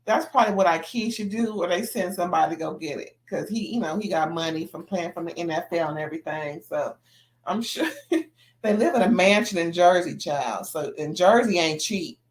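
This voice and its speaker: A woman's voice: fairly low pitch, normal speed. Chatty woman recapping reality TV. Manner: chatty, laughs often, slangy and gossipy. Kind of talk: casual commentary.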